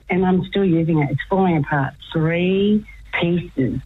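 A woman guest on a radio show telling a personal faith story, chatty, laughing often and sometimes dropping to a hushed whisper. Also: lowish voice, lively intonation, takes it slowly, slightly rough, poor audio. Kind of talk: radio phone-in chat about faith.

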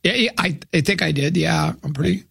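A man's voice: fairly high pitch, a little fast, vocal fry, a bit bright, husky, no room sound. A man hosting sports talk radio, rambling and joking casually about games.

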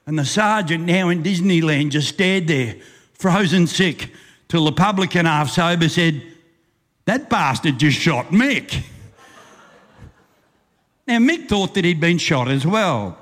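An older Australian man, a bush poet and compere, reciting a rhyming yarn with a lively rhythm and chuckles before chatting to a live audience. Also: high-pitched. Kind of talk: recited rhyming bush poem, then stage banter. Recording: live stage recording with long reverb.

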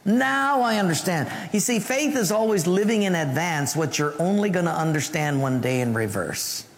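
A man preaching a sermon, telling a personal story and acting out the voices in it, sometimes dropping to a hush. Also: high voice, lively intonation, normal speed. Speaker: pastor. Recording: long hall reverb, faint ambience.

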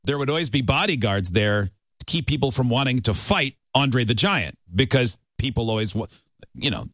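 A man's voice: medium pitch, expressive, moderate pace, a bit bright, dry recording. A man hosting a radio show, chatting conversationally through a news segment. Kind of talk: morning radio show chat.

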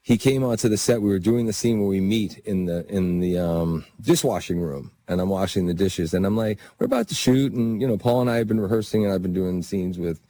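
A man, a guest actor, telling casual anecdotes in an animated way and laughing through them. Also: low voice, fairly quick, hardly any pauses, dry recording.

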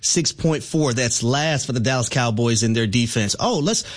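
A man's voice: medium pitch, normal speed. A man co-hosting a sports talk radio show, arguing his points emphatically with stats. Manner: emphatic, stat-heavy argument.

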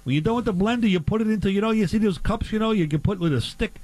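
A man's voice: high-pitched, very fast, darkish tone, no room sound, rough recording. A man bantering in a comic barbecue bit, rambling and playing clueless in a boisterous, joking way. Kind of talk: comedic improvised banter.

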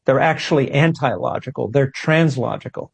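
A man telling his story as an interview guest, animated and self-deprecating with quick asides. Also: mid-range voice, vocal fry, breathy edge. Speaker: guest, physicist.

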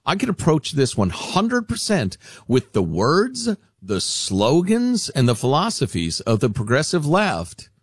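A man hosting a radio talk show, sardonic and animated, fond of deadpan mockery. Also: a little high, unhurried, breathy edge, dry recording, studio quality.

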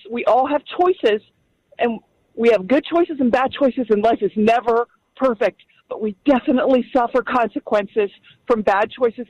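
A woman's voice: on the high side, a little mellow, dry recording, dull audio. A woman calling in to a radio show, speaking firmly and from the heart about her convictions. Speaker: caller. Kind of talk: call-in radio talk.

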